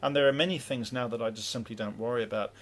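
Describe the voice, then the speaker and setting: A man's voice: mid-range voice, fast, slight background noise. Rambling man teaching spiritual practice. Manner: rambling, with many fillers and restarts, acting out inner dialogues. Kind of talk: casual livestream teaching.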